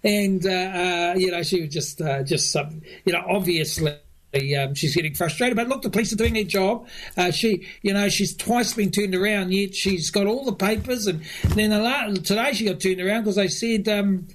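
A man, a government minister answering interview questions, halting with many fillers and restarts and chuckling often. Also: high voice, a little hiss or hum. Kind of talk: radio interview guest.

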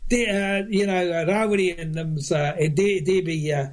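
A man, a government minister answering interview questions, halting with many fillers and restarts and chuckling often. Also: sits high. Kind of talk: radio interview guest.

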